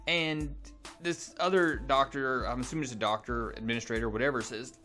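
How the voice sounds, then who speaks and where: A man's voice: on the high side, a little fast, bright, forceful tone, soft background music. A man casually reviewing a comic preview in a chatty, self-deprecating way.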